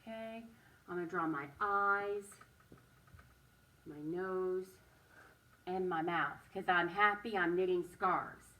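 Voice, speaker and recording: A woman teaching a writing and drawing lesson to young children, speaking slowly and encouragingly and stressing each word. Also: on the low side, distant mic, highs cut off, slight background noise.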